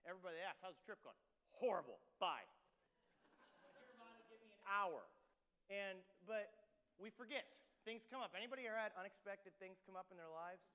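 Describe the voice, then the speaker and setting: A man preaching a sermon as pastor, telling a story in an animated way and acting out the dialogue. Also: high-pitched, brisk, big-room sound. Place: church sanctuary.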